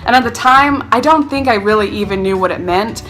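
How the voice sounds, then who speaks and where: A young woman vlogger telling her childhood stories in a casual, animated, self-mocking way, acting out the people in them. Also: on the high side, a little fast, faint music behind. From North Carolina. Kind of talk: casual storytelling to camera.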